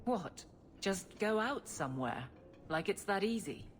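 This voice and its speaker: A woman's voice: medium pitch, animated, measured pace, slight background noise, lightly acted. An actress playing a stern female guard captain who speaks bluntly but grows flustered about romance. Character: stern woman guard captain, awkward in love.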